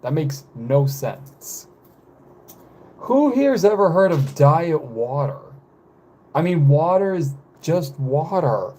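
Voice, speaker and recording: A man in his twenties, chatting casually on a live stream, rambling with frequent fillers and halting pauses. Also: fairly high pitch, big pitch swings, warm tone. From United States. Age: 20s.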